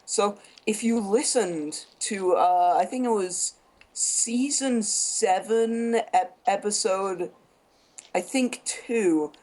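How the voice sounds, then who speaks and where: A man's voice: high-pitched, takes it slowly, darkish tone, rough recording. A man joining a call as co-host, offhand and teasing in casual banter. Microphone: call recording.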